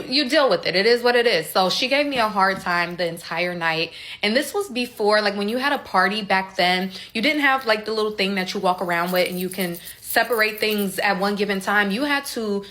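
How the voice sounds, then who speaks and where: Young woman, storytime vlogger, bright, lively candid delivery. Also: medium pitch. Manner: candid, conversational, animated retelling with quoted dialogue. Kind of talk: casual storytime.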